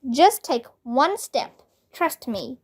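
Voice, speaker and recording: A woman voicing the calm, teasing ghost of a bald male school principal in a children's storybook read-aloud. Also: sits high, takes it slowly, husky, heavily acted. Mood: coaxing.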